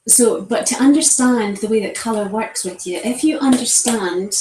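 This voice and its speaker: A woman's voice: fairly high pitch, moderate pace, darkish tone, a little hiss or hum. Chatty woman colour consultant in an echoey room. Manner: chatty, lots of ums and restarts. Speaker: colour analyst. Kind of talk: casual chat.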